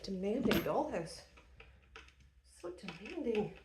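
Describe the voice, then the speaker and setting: A woman's voice: medium pitch, big pitch swings, slow pace, very noisy. A woman vlogger narrating casually to herself as she assembles furniture, chatty and self-deprecating.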